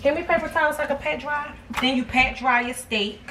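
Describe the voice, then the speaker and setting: A woman's voice: high-pitched, brisk. A woman, chatting to her viewers as she cooks at home. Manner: chatty, addresses viewers as y'all. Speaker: cooking vlogger. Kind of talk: casual cooking vlog. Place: home kitchen. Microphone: phone camera set back. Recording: distant phone mic with background noise.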